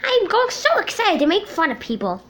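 Mario, a woman doing a squeaky gleeful plumber. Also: huge pitch swings, moderate pace, fairly bright tone, slight background noise, full character voice. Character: boastful male plumber plush, cheery and mocking. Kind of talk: plush puppet comedy.

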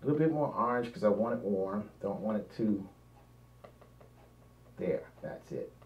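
Mellow man talking through a painting. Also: fairly low pitch, lively intonation. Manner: unhurried, thinks aloud while working, trails off mid-sentence. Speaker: painter demonstrating. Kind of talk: painting demonstration narration. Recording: roomy, dull lo-fi sound, mic at a distance.

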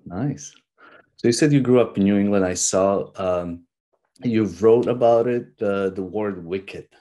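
A man hosting a podcast interview in a relaxed, hesitant way, with many fillers. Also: fairly low pitch, a little slow. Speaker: podcast host. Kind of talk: casual interview chat.

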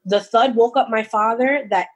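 A woman's voice: fairly high pitch, normal speed, low-quality recording. A young woman recounting a personal experience, rambling and restarting as she tells it. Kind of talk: personal storytelling.

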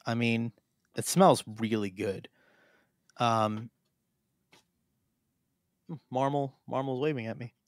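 A man's voice: medium pitch, takes it slowly, pauses often, dry recording, clean studio sound. A man co-hosting a live improvised comedy stream, hesitant and full of fillers and restarts, talking into a desk mic. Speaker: co-host.

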